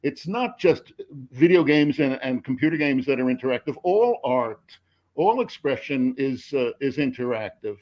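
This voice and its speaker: An older man on a video call who rambles through an anecdote with many halting restarts, telling a joke along the way. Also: mid-range voice, expressive, lo-fi sound. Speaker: screenwriter and professor, panel guest.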